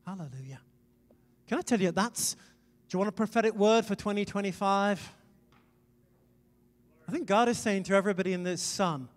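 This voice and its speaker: A middle-aged man from Wales preaching a conversational sermon, emphatic, with sudden loud swells. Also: sits high, lively intonation, moderate pace. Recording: long reverb in a large hall.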